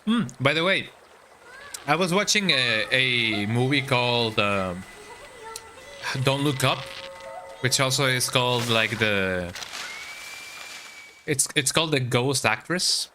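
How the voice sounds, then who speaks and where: A man whose first language is Spanish, chatting casually as he plays a game. His voice is bright and forward, and his talk is wry and loose, often ending on a questioning "eh". Faint game music sits underneath. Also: medium pitch, lively intonation, takes it slowly, pauses often. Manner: chatty, wry, tags sentences with "eh?". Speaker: streamer. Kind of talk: casual gameplay commentary.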